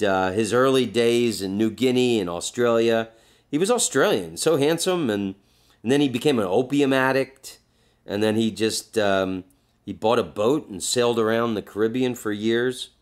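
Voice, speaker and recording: A man's voice: on the low side, normal speed. A man hosting a podcast, telling a story with crude jokes and reading passages aloud. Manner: animated storyteller, crude jokes, acts out voices. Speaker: podcast host.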